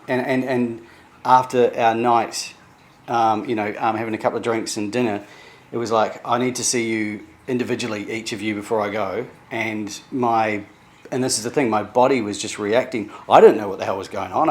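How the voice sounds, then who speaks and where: A middle-aged man from New Zealand talking candidly in a personal vlog, halting and emotional, with many restarts. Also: fairly low pitch. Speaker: vlogger sharing therapy progress.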